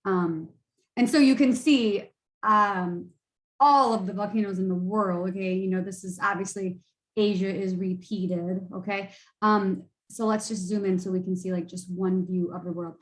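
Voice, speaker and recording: A woman's voice: medium pitch, fairly even intonation, moderate pace, reverberant, poor audio. A woman, a college instructor, giving a tired, casual screen-share lecture full of fillers and restarts. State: tired, yawning.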